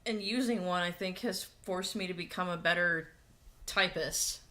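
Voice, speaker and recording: A woman with a bright, forceful tone but a fairly low voice, co-hosting a relaxed livestream. She gives practical advice in an easygoing way and laughs often. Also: moderate pace. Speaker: co-host. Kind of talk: casual chat.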